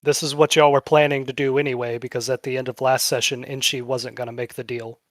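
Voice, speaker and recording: A man narrating a tabletop game as game master, casual and swearing freely, slowing down for dramatic moments. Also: mid-range voice, little pitch movement, dry recording, clean studio sound.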